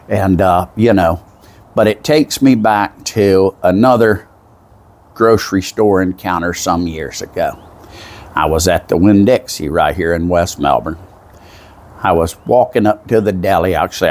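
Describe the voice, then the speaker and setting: A man with a relaxed Southern accent tells a story in a casual, folksy monologue, drifting off into asides along the way. His voice sits very low. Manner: folksy, meandering, with frequent asides. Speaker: vlogger.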